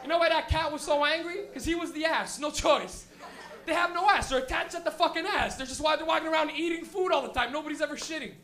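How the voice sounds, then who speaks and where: A man doing profane, animated stand-up comedy, laughing and acting out characters on a club stage. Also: extremely high pitch, fast.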